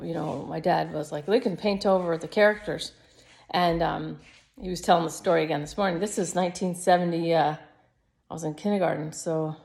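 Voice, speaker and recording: A woman's voice: fairly low pitch, vocal fry, a little mellow. A woman in her fifties, a yoga teacher, rambling reflectively through a personal video diary. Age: 50s.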